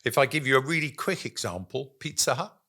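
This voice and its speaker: A man's voice: mid-range voice, lively intonation, fairly quick, pushed and bright. A man talking as a guest in a casual business chat, telling stories animatedly, acting out quotes and using many ums and uhs.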